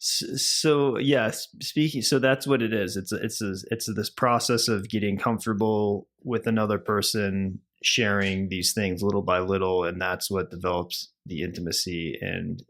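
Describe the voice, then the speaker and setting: A man's voice: on the low side, steady tone, normal speed, hardly any pauses, a bit bright. A man hosting an interview, asking questions in a hesitant way with many fillers. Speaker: interview host. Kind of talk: conversational interviewing.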